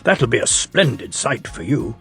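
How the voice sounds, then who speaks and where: A man's voice: mid-range voice, sing-song, normal speed, sharp tone, slightly rough, faint music behind, full character voice. A man voicing a pompous, boastful big male engine with a posh English accent, in storybook narration.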